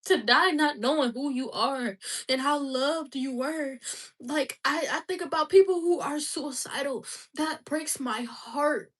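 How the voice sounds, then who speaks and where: A woman's voice: high voice, measured pace, a bit bright, recorded from a distance. A woman giving an emotional, preachy faith monologue, repeating her exhortations with passion and at times crying. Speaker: vlogger.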